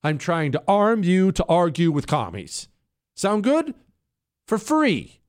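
A man's voice: high-pitched, huge pitch swings, slow pace. A man hosting a talk radio show, delivering an opinionated monologue in a combative, sarcastic way.

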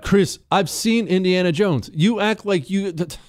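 A man's voice: high voice, measured pace, slight background noise. A man hosting a political commentary show, talking in an opinionated, sarcastic monologue with mocking asides to his producer.

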